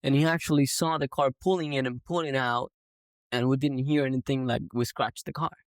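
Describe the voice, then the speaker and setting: A man who owns a business, telling a story in a lively, casual way on a podcast. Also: medium pitch, brisk, dry recording, low-quality recording. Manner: animated anecdote telling. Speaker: business owner.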